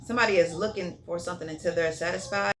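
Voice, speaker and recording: A woman's voice: lowish voice, very fast. A woman giving a casual tarot reading in a blunt, profane way, repeating herself and checking in with "okay?". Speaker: tarot reader.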